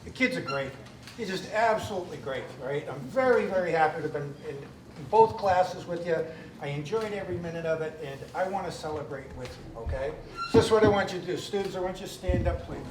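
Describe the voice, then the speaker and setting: Male teacher, graduation speech, energetic crowd-leading, roomy hall, distant mic. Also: on the high side, quick pace, a little hiss or hum. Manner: energetic, leads the crowd in cheers. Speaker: economics teacher.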